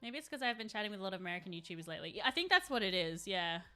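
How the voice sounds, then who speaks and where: A woman's voice: medium pitch, big pitch swings, racing, sharp tone, faint music behind. A young adult woman chatting casually on a live stream while she paints, rambling and laughing often.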